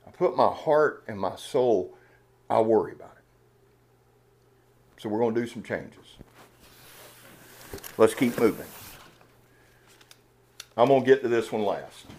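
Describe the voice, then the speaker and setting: A man's voice: mid-range voice, a little slow, long pauses, a little mellow, a little hiss or hum. Fired-up man with a drawl. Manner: fired-up, earnest, emotional, rambling with restarts. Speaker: knife channel host. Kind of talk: casual unboxing vlog talk.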